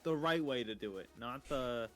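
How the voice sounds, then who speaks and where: A man's voice: medium pitch, lively intonation, moderate pace, fairly bright tone, soft background music. A man joining a stream by voice call for casual, joking chat, swearing offhandedly and drawing out his remarks.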